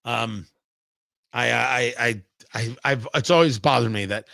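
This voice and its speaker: A man's voice: medium pitch, a little slow, vocal fry, pushed and bright, dry recording, studio quality. A middle-aged man hosting a talk show, delivering an emphatic, sarcastic monologue and acting out imagined conversations. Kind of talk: opinionated talk radio monologue.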